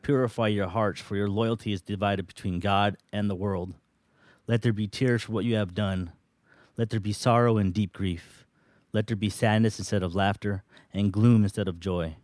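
A man with a very deep voice reads Bible verses aloud to a small group, pausing to ask them questions. The recording is dry, with little room sound. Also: steady tone, darkish tone, dry recording. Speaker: Bible study leader. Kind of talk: reading scripture and preaching.

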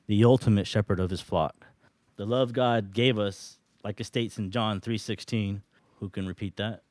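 A man with a very deep voice reads Bible verses aloud to a small group, pausing to ask them questions. The recording is dry, with little room sound. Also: darkish tone, no echo. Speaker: Bible study leader. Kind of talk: reading scripture and preaching.

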